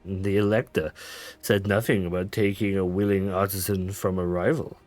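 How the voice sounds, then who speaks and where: A man's voice: sits low, little pitch movement, moderate pace, a little mellow, faint music behind. Man reading game dialogue aloud, stumbling. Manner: reads lines with stumbles, self-corrections and laughs. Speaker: gaming streamer.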